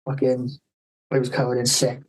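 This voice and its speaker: A man's voice: medium pitch, completely flat delivery, moderate pace, low-quality recording. A man telling a rambling story on a podcast, swearing constantly and acting out the people he quotes.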